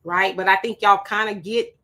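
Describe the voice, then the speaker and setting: Her mid-range voice stays fairly even at a normal speed, bright and forceful in tone. Sweating, she hosts a casual livestream, greeting viewers by name and chatting about their comments through rhetorical questions and asides.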